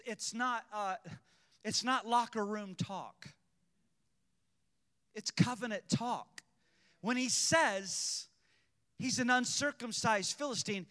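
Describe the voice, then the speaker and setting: A man preaching a sermon in a church, shifting between quiet teaching and loud exhortation. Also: extremely high pitch. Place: church sanctuary. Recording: long reverb of a church hall.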